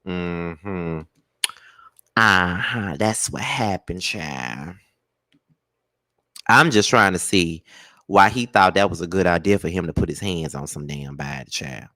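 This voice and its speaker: A man's voice: slow, pauses often, no room sound. Sassy man hosting gossip, dry sound. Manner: sassy, animated scolding with high exclaims; drawls terms like child and honey. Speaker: gossip show host. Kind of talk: live-streamed celebrity gossip chat.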